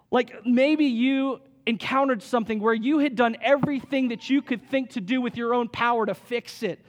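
A man with a high voice preaches to a church congregation. He keeps it casual and plain-spoken, with rhetorical questions and an easy bit of humor. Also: normal speed, hardly any pauses. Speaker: pastor. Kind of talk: sermon.

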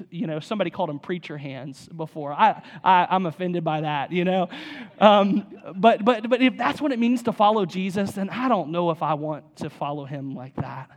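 A man's voice: high-pitched, normal speed. A young adult man preaching a sermon as pastor, conversational with frequent asides. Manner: casual, conversational, many "you know" asides.

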